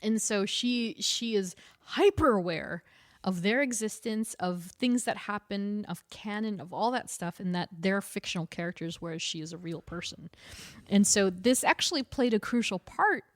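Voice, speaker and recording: A woman's voice: medium pitch, no echo. A woman co-hosts a podcast and retells stories animatedly, laughing now and then. Her voice sits in the middle range and the sound is dry and close. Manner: animated, quick storytelling with laughs. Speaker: podcast co-host. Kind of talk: casual chat.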